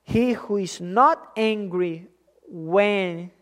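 Preacher mid-sermon: slow, deliberate delivery with mid-range pitch, hammering phrases through repetition, loud stresses dropping to quiet asides. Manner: deliberate and emphatic, repeating key phrases.

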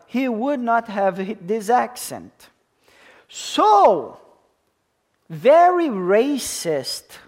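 A man in his thirties preaching slowly and deliberately to his congregation, with a foreign accent from speaking English as a second language. He leans on key words, repeats them, and checks in with the listeners as he goes. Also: very high-pitched, darkish tone. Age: 30s. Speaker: pastor. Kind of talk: sermon.

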